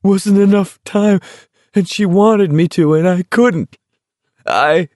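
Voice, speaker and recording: A man's voice: high voice, extremely slow, dry recording, clean studio sound, voice pushed up. A man voicing a frantic young man who sobs and wails in broken outbursts. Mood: sobbing, anguished. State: crying.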